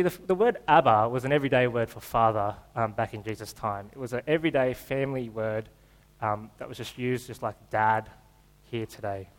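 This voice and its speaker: A man's voice: mid-range voice, low-quality recording. A man preaching a sermon in a church, in a casual, joking, conversational way. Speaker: pastor.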